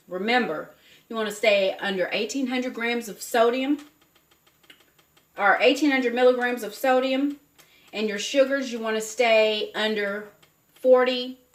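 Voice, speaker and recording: Her voice is slightly high and fairly bright. A talkative, folksy woman with a Southern US accent makes casual cooking chat to camera in her home kitchen, calling viewers honey and baby, as cooking noises and faint clinking of dishes and cutlery echo around the roomy space.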